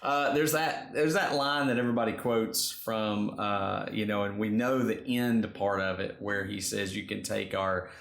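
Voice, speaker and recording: Host: man, low gravelly voice, reflective, lots of fillers. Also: measured pace, hardly any pauses, fairly bright tone, roomy sound. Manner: reflective, thinks aloud with many fillers. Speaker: podcast co-host. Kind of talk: casual chat.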